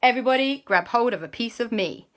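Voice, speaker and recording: A woman's voice: on the high side, animated, quick pace, voice pushed up, lightly acted. Woman voicing a friendly strong superhero. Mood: reassuring.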